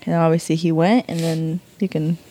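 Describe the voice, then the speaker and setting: A woman's voice: sits low, level tone, normal speed, mellow. A young woman co-hosting a podcast, chatting candidly with her husband and filling her talk with "like" and "you know". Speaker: podcast co-host. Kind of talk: candid couple chat.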